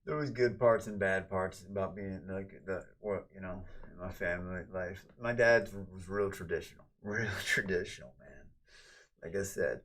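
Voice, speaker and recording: A man's voice: sits low, moderate pace, fairly bright tone. A man chatting casually on a livestream, rambling and ranting, cursing freely and thanking viewers.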